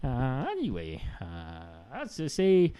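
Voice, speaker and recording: A man's voice: mid-range voice, huge pitch swings, slow pace, mellow, clear, resonant tone, no echo. A man with an Irish accent hosting a solo podcast, rambling sardonically with many fillers. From Ireland. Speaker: podcast host.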